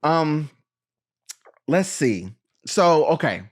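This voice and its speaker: A podcast host in casual film review chat, animated and joking with quick asides. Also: mid-range voice, no echo, studio quality.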